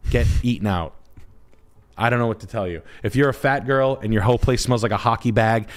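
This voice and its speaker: A man's voice: mid-range voice, a little fast. A man hosting a podcast, talking brashly and profanely in crude comic chat. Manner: brash, profane, puts on voices while telling stories. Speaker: podcast host.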